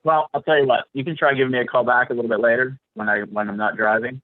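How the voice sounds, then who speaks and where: A man's voice: medium pitch, fairly even intonation, quick pace, no room sound. A man taking a sales call while driving, brushing it off noncommittally. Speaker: sales prospect on the phone. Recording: distant tinny phone line.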